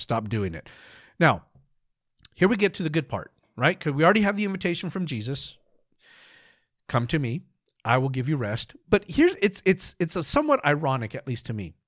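A man's voice: fairly high pitch, no echo, clean studio sound. A man hosting a devotional podcast, talking earnestly and emphatically, often repeating words as he gathers his thoughts. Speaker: podcast host. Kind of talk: conversational devotional podcast teaching.

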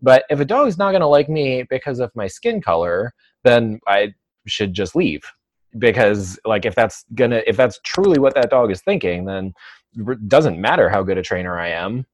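A male dog trainer talks through his experiences as an interview guest. He takes his time and fills gaps with soft hesitations. The recording is dry and close, with almost no room sound. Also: lowish voice, expressive, no room sound. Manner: thoughtful, measured, many "um" and "uh" pauses. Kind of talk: conversational interview.

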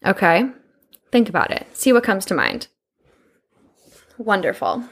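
A woman's voice: medium pitch, big pitch swings, a little slow, breathy edge. Effusive, foul-mouthed young woman. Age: 20s. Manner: profane, effusive and encouraging. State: out of breath. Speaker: podcast host. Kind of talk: casual self-help monologue.

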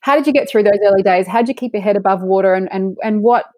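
A woman's voice: mid-range voice, quick pace, darkish tone, dry recording. A woman hosting a conversation, asking the guest questions and affirming her answers. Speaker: podcast host. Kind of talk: conversational interviewing.

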